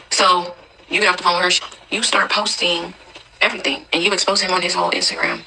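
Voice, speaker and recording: A woman telling a personal story in casual second person, chatty and quick. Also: on the low side, bright, forceful tone, a little hiss or hum, poor audio.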